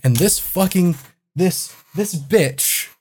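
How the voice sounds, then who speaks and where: Podcast co-host, man, somewhat higher voice, animated storyteller, salty language. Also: slow pace. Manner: swears often, animated storytelling. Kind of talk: casual chat.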